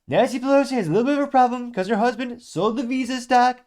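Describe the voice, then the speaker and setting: A man doing a deliberately bad impression of a boastful male ex-president, pitched much higher and louder than his own voice. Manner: brash, self-praising, high and loud. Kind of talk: comedic impression in commentary.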